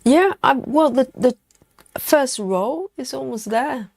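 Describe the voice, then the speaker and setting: A woman hosting a relaxed live cross-stitch stream, chatting casually with viewers as she stitches. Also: sits high, takes it slowly, gravelly, no echo. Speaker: host of a cross-stitch livestream. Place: at home in the evening.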